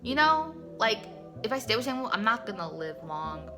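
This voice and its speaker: A woman's voice: on the high side, big pitch swings, moderate pace, music in the background. A woman voicing a terrified young male captive who pleads and cries out frantically while she retells a comic. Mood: desperate.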